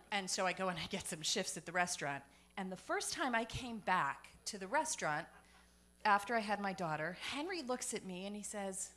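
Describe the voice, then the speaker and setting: A woman's voice: medium pitch, bright, forceful tone. A woman performing a stand-up comedy set on a comedy club stage, chatty and self-deprecating with punchline-driven timing.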